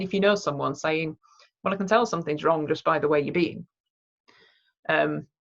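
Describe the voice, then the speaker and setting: A woman with a low, deep-set voice, leading a training session. She talks in a conversational way and acts out the phrases she would use with people. The recording sounds dull and lo-fi. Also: fairly bright tone. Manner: conversational, demonstrates example phrases. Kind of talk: training talk.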